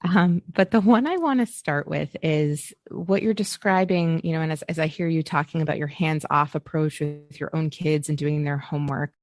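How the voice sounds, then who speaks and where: A woman hosting a podcast interview, asking measured, thoughtful questions. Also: deep voice, darkish tone, dry recording, clean studio sound. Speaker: podcast host.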